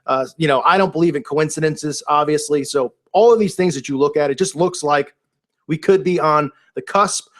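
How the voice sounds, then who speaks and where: A man's voice: fairly high pitch, normal speed, fairly bright tone. A man talking in a casual, unscripted monologue, rambling and incredulous, with many restarts and fillers. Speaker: video commentator.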